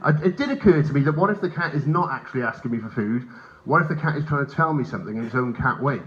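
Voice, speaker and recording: A man's voice: medium pitch, quick pace. A male stand-up comedian telling profane stories live on a hotel stage, acting out characters, recorded through a handheld mic in a dull live recording with faint room ambience. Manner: animated, profane, acts out characters.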